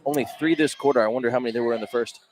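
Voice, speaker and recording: A man giving casual color commentary at a high school basketball game, chatty and openly rooting for his team. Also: soft background music. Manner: chatty, partisan, quick to react.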